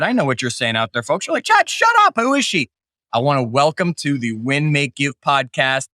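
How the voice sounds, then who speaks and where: Opening his podcast with hyped-up jokes and then moving into an interview with his guest, this middle-aged host from Canada keeps things upbeat. He speaks with a fairly high, slightly bright voice, recorded in studio quality with no room sound.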